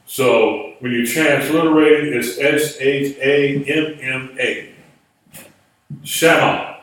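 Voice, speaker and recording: A man lectures a small class at a slow, deliberate pace, patiently spelling words out letter by letter. His voice is set at a middling pitch. He sits far from the microphone, and a heavy room echo surrounds every word. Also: fairly even intonation, fairly bright tone. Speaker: Biblical Hebrew teacher. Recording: echoey room, voice far from mic.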